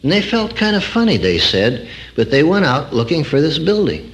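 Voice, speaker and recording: A man's voice: a little high, very animated, normal speed. An older man preaching a sermon, quoting scripture and telling a story with rising emphasis.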